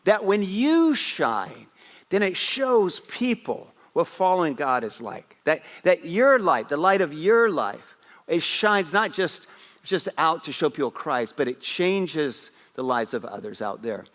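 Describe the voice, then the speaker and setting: Energetic preacher, man, echoing sanctuary. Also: on the high side, a little slow. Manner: energetic storytelling, repeats words as he goes, acts out quotes. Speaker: pastor. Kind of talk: Christmas Eve sermon with stories. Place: large church sanctuary. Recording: long hall reverb in a worship house.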